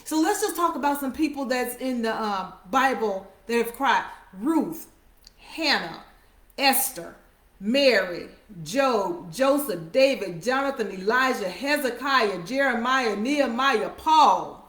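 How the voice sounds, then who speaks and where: Woman preaching, high voice, repeats stuff for emphasis, roomy echo. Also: animated, a little slow. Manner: repetitive emphatic preaching, drops to soft quiet lines. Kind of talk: sermon. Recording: echoey room.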